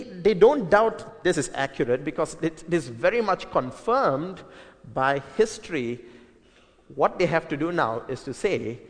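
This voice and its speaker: A man's voice: fairly high pitch, in a large hall. A man preaching an earnest Bible-teaching sermon, emphatic, with frequent fillers and restarts.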